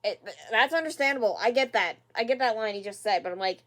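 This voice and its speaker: Reaction host, rambling casual talk, fillers, exasperated sighs, fairly high voice. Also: female voice, fast talker, fairly bright tone. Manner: rambling, many fillers and repeats; exasperated, sighing at the screen.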